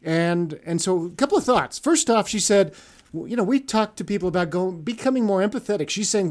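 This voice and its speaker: A man co-hosting a podcast, talking with eager enthusiasm in a voice set a little high. He rambles through his thoughts, restarting sentences and leaning on easy fillers in a relaxed chat. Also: fairly quick. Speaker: podcast co-host.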